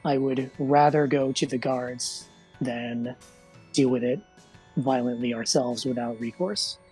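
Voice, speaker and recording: Man voicing earnest witch girl, measured, husky tone. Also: mid-range voice, fairly even intonation, darkish tone, faint music behind, poor audio. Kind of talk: tabletop role-play in character.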